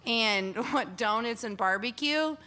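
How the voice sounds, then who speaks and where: A woman's voice: on the high side, unhurried, heavy background noise. A woman from Kansas City, a comedian, talking with a chatty, laughing manner on a panel. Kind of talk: stand-up panel banter.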